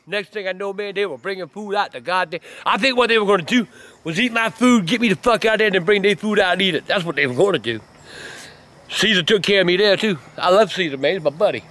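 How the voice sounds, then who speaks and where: A cantankerous older man with a high-pitched voice rambles through a story in casual on-camera chat. He curses constantly, loses his thread and barks at anyone who cuts in. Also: fast talker, a bit bright. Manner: profane, rambling and cantankerous, snapping at his son. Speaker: grandfather telling family stories.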